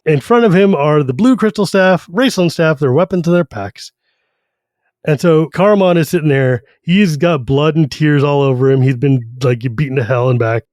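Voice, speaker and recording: His pitch sits fairly high and the recording has no room sound. Co-hosting a casual podcast about books, this man excitedly walks through a fantasy novel's plot, voicing characters in rapid bursts.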